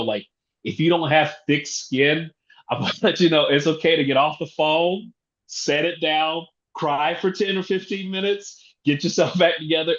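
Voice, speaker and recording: A man, a real estate investor, telling an animated story from a talk, acting out phone calls and laughing as he goes. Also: a little high. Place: event room. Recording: roomy, dull lo-fi sound.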